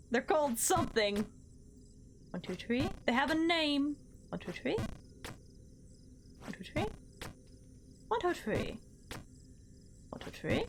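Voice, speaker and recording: A woman's voice: sits high, a bit bright, slight background noise. A young woman live-streaming a game, chatting casually with her viewers and counting her jumps aloud in a bubbly, playful way.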